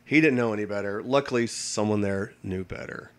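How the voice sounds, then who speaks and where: A man's voice: lowish voice, brisk. A man, a navy veteran, tells stories casually and rambles, with many restarts, fillers and swearing. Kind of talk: casual storytelling.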